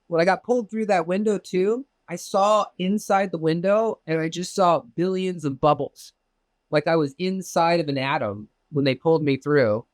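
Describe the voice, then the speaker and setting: A man from Southern California telling a personal story as an interview guest, animated and profane, acting out the voices of others in it. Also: moderate pace, no room sound. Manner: animated, profane, acts out quoted exchanges with big pitch jumps. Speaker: interview guest recounting a UFO experience. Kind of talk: casual storytelling.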